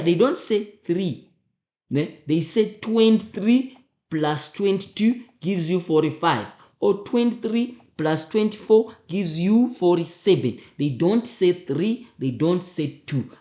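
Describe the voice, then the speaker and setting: A man's voice: high voice, a little mellow. Emphatic male teacher, roomy sound. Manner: emphatic, repeats points, fires rhetorical questions. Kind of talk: talking students through an exam memo. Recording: roomy echo.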